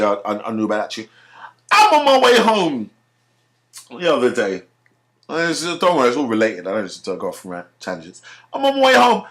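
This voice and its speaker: Animated ranting man. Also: mid-range voice. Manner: rambling, profane, animated storytelling. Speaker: vlogger. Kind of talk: ranting monologue.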